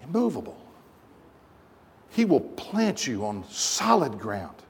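A man's voice: on the high side, lively intonation, normal speed, in a large hall. A man preaching a sermon as pastor, emphatic and full of rhetorical questions. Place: church sanctuary.

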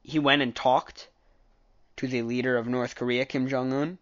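A man's voice: medium pitch, little pitch movement, moderate pace, lo-fi sound. Man rambling through a political recap. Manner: rambling, self-correcting, opinionated. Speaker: political commentator. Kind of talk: casual opinionated debate recap.

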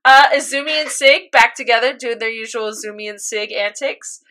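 A young woman talks casually, recapping a story for a friend. Her voice is crisp and sits a little high. She is animated, often leaping into squeaky exclamations and laughter. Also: fairly quick. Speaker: podcast co-host recapping an anime. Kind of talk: casual chat.

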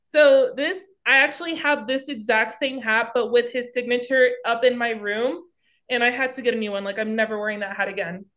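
Woman podcast co-host, pitch on the high side, rambly excitable sports talk. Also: a little fast. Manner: rambling, excitable storytelling full of "like". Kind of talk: casual sports chat.

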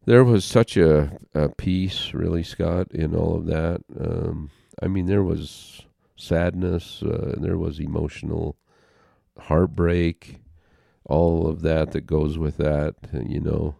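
An older man with a very deep, gravelly voice tells a personal story at an unhurried pace. He speaks haltingly and from the heart, pausing and restarting. The recording is close and dry. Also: fairly even intonation, mellow, no echo. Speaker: interview guest.

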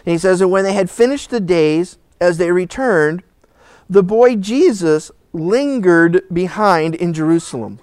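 A middle-aged male pastor teaching through a Bible passage in a sermon, telling the story in an animated way. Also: high voice, measured pace, smooth, no echo, clean studio sound. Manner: animated storytelling, acting out voices with laughs.

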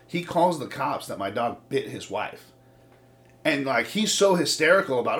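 A man's voice: a little high, moderate pace. A man in casual chat, telling stories with lots of swearing and acted-out quotes. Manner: profane, animated storytelling with quoted voices.

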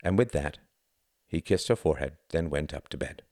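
A man reading a novel aloud as narrator, in a measured storytelling manner. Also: rumbling low, lively intonation, a little mellow, dry recording, studio quality. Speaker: audiobook reader.

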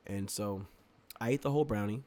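Animated man telling a funny story. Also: on the low side, fairly quick. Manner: animated storyteller, laughs often, acts out quotes. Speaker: podcast co-host. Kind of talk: casual storytelling chat.

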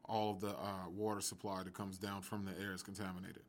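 A man's voice: sits low, little pitch movement, fast. A male interviewer asking curious questions, rephrasing them as he thinks aloud.

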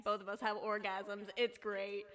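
A young adult woman talking candidly as a podcast guest, self-mocking and quick to laugh. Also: mid-range voice, level tone, a bit bright. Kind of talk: casual podcast chat.

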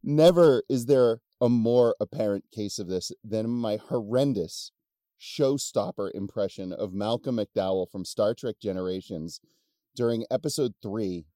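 On the low side and mellow, this man's voice comes through close-miked and dry as he co-hosts a podcast at a measured pace. It's loose banter, full of profanity and jokes at his own expense.

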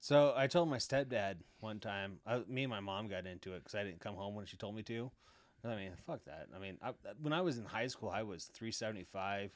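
A middle-aged man, a podcast guest, telling rough stories in a blunt, boastful way with heavy swearing. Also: lowish voice, fairly quick, no room sound. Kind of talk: casual storytelling.

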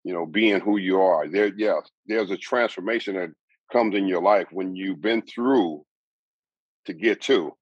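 A man's voice: low-pitched, unhurried, husky, no room sound, highs cut off. A man giving a personal faith testimony as an interview guest, telling his story earnestly, with repeats and restarts.

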